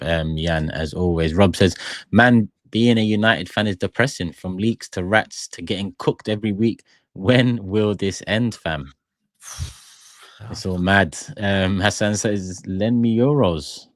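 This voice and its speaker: A man's voice: low voice, no room sound, studio quality. A man with a British accent hosting a casual football chat show, reading out viewer comments. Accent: British English. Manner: reads viewer comments aloud. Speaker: host.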